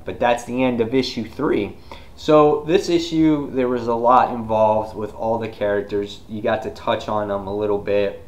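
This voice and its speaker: A man's voice: on the low side, a little hiss or hum. Rambling man casually reviewing a comic. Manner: rambling, with many fillers, acting out scenes with loud outbursts.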